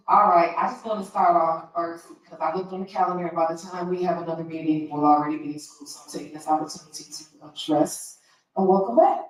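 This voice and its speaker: Emotional fired-up woman trustee talking at a board meeting, heard from far off in a big echoey room. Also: mid-range voice. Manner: impassioned, frustrated, direct.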